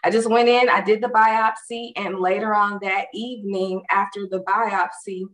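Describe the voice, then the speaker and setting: A woman's voice: mid-range voice, normal speed. Woman telling a story, distant and roomy. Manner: animated, acts out others' words in quotes; conversational with frequent fillers. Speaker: storyteller recounting a personal experience. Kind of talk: casual spoken personal story.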